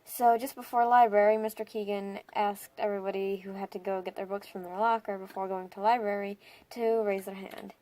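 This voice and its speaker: A teenage girl chats through a school tale for her casual storytime vlog, full of excitement and filler words, punctuated by dramatic squeals. Her voice is mid-range, and she talks a little quickly.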